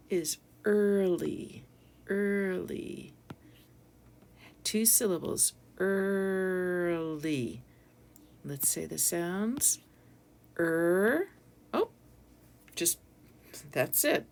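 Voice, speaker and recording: Slow, gravelly-voiced woman teaching phonics. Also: medium pitch, big pitch swings, darkish tone. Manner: patient, sounds out letters and syllables one by one. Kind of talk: slow phonics lesson for young children.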